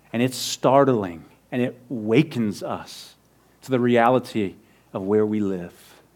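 A man preaching a sermon in a conversational way, sometimes dropping to a soft low voice for emphasis. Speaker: pastor.

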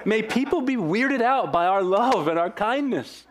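A young man preaching a sermon in an earnest, animated way, with sudden swings in pitch and pace. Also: measured pace. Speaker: pastor.

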